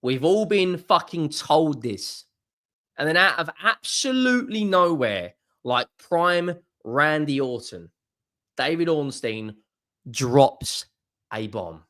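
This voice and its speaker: A young man ranting in a fan video, swearing often and swinging from low muttering to loud exasperated outbursts. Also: big pitch swings, slow. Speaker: football fan vlogger.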